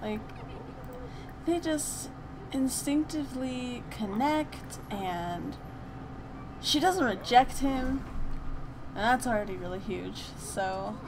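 Lively young woman gushing over a game. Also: fairly high pitch, slow pace, long pauses, noisy background. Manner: animated, gushing, chatty with laughter. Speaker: gaming channel host. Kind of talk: let's play commentary.

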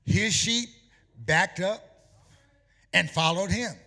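Male preacher, high bright voice, swooping animated delivery, emphatic sermon, long church reverb. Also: slow. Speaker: pastor. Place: church sanctuary.

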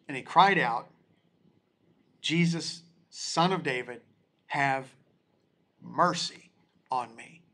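A man leading a Bible study class, reading scripture aloud and then breaking in to explain it in a slow, deliberate way with frequent restarts. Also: a little high, fairly bright tone. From United States.

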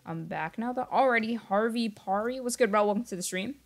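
A man's voice: sits high, brisk. A young man livestreaming a game, chatting with viewers in a rambling, distracted way and often apologizing, sometimes keeping his voice down. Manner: talks quietly at times to keep noise down. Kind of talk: casual gaming livestream chat.

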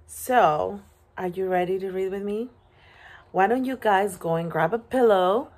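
A woman teacher reads a children's picture book aloud from home. She takes it slowly and expressively, with playful animal and truck sounds. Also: on the low side, a little mellow. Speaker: preschool teacher.

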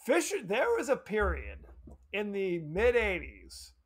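A man's voice: high voice, wildly swooping pitch, measured pace, husky. A man co-hosting a horror movie podcast, chatting casually and acting out scenes with exaggerated voices. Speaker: podcast co-host.

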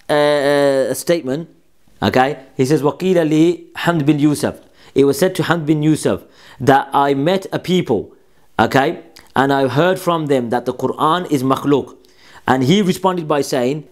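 A man presenting a polemical commentary on quoted texts, scolding his opponents directly and repeating key phrases for emphasis. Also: mid-range voice.

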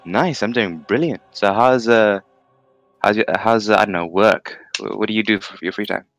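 A man's voice: on the low side, moderate pace, vocal fry, fairly bright tone, no echo, faint music behind. A man from London, casting a game tournament in a rambling, jokey way and laughing often. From London, England. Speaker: tournament caster. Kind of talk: casual game commentary.

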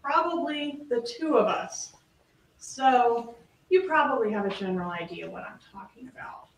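A woman's voice: fairly high pitch, animated, normal speed, vocal fry. A woman prosecutor delivering a closing argument, making pointed, emphatic points and firing rhetorical questions. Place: courtroom. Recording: echoey, distant courtroom audio with faint noise.

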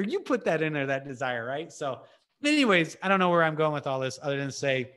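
A man giving an impassioned personal testimony over a video call, earnest and emotional, casual in his wording, moving between raised urgency and hushed intensity. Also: fairly high pitch, animated, fast. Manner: casual, with filler words and restarts. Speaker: ministry speaker.

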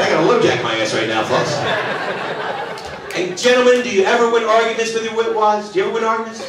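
A man's voice: high-pitched, lively intonation, fast. A middle-aged man doing live stand-up on a theater stage, chatty and self-mocking as he teases the audience. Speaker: stand-up comedian. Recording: echoey theater from far off with laughing crowd. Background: audience laughter.

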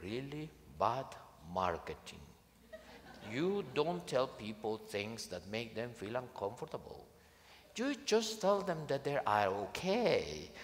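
A male priest delivers a sermon with a lively, swooping pitch and an unhurried delivery. He is emphatic and drops in dry humor. His voice rings through a large, reverberant hall. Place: large conference venue.

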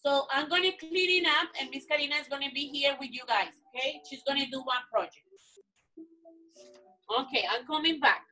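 A bright, high-voiced woman talks to a class of small children. She praises them loudly and cheerfully and keeps reassuring them. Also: a little fast, soft background music, poor audio. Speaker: preschool teacher. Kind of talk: classroom instruction to young children.

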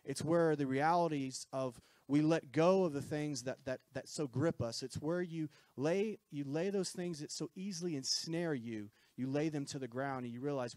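A man's voice: medium pitch, normal speed, hardly any pauses, darkish tone, no echo. Man preaching a conversational sermon. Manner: conversational preaching with frequent "right?" asides and repetitions.

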